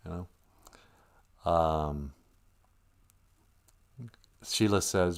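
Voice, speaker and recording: A man hosts a casual livestream with a low voice that swings widely in pitch. He rambles from tangent to tangent and reads out viewer comments. He chuckles often between thoughts. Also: extremely slow, pauses often, smooth. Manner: rambling, chuckling, animated asides. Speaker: livestream host.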